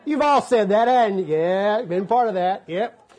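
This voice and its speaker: A man preaching a folksy, animated sermon, acting out the scripture voices as he reads. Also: high-pitched, measured pace, some chatter behind.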